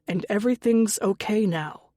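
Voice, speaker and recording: A woman voicing a tired grown son who speaks with quiet, steady reassurance in an audiobook. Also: mid-range voice, moderate pace, dry recording, clean studio sound, close to an everyday voice. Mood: calm.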